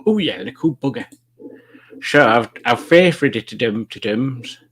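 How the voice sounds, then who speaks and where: Man, live-stream quiz host, mid-pitched voice, rambling jokey chat reading comments into a desk mic. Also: animated, measured pace, fairly bright tone, slightly rough. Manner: jokey, rambling, chuckling at puns.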